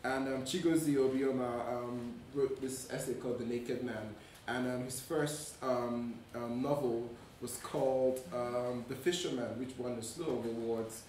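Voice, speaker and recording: A man's voice: medium pitch, steady tone, measured pace, few pauses, darkish tone, a little hiss or hum. A man from Nigeria who is a writer, speaking thoughtfully with many hesitations on a live panel. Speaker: writer and playwright. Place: museum event space. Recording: echoey room, far from the mic.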